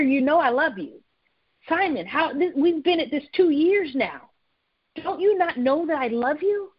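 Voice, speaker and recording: A high-voiced woman preaches with earnest conviction, repeating lines and restarting mid-thought. There's no echo, though the audio comes across dull and lo-fi.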